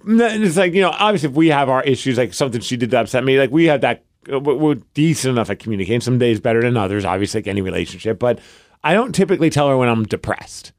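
A man's voice: mid-range voice, very fast, dry recording, clean studio sound. Chatty man rambling through stories. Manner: rambling, animated storytelling with many fillers. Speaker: podcast co-host. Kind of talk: casual chat.

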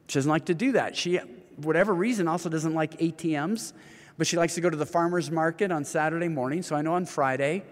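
A man in his fifties tells stories in an earnest, easygoing way, chuckling now and then. His voice sits a touch higher than most men's. A long hall reverb trails behind his words. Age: 50s. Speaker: guest speaker on marriage. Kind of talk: conversational storytelling.

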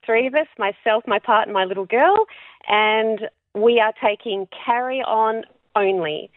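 A woman's voice: on the high side, measured pace, no room sound. A woman calling in to a radio show, upbeat and matter-of-fact about packing. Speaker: caller. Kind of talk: casual chat. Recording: tinny phone line with faint music.

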